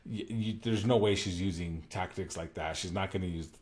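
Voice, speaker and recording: Deep-voiced man recapping wrestling casually. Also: moderate pace. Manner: rambling, with many fillers and self-corrections. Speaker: podcast co-host.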